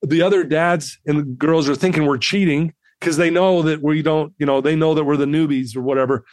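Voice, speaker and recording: Man, 50s, podcast guest, animated personal storytelling, slightly high voice, dry close sound. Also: a little fast, no echo. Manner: animated, acts out the voices of people in his story.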